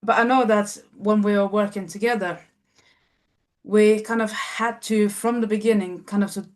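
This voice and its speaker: Female coach as interviewer, halting delivery with fillers, asks follow-ups. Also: medium pitch. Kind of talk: casual interview chat.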